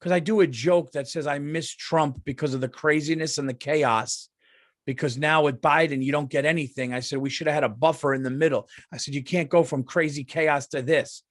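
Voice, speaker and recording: A man's voice: fairly high pitch, steady tone, fairly quick, no room sound, clean studio sound. A man, a comedian hosting his podcast in a heated, profane ranting monologue. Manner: profane, heated, mocks people in quoted voices.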